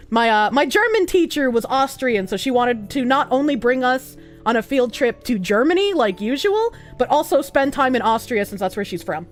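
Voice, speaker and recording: A young woman chats on a stream and reads out viewer messages. She is swearing and animated, with a high voice that swoops all over. Faint music plays behind her. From United States. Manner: animated, giggly, profane, with squealing high laughs. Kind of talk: casual chat reading out viewer messages.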